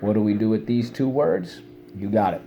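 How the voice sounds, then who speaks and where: A man's voice: fairly low pitch, moderate pace, mellow, dull audio, a little hiss or hum. A man teaching children a spelling lesson in an upbeat, coaxing call-and-response style.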